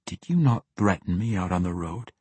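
A cold assassin speaks in a calm, measured, threatening way, as a male reader puts him on. The voice is low and husky, recorded dry and close for an audiobook. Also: dry recording. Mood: menacing. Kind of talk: audiobook character voice.

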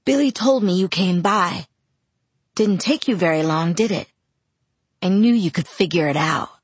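Casting: woman as an angry young werewolf guy, bitter and defensive, breathy low tone, dry close sound. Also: normal speed, dry recording. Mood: shy. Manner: harsh, growling, resentful. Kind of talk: audiobook character voice.

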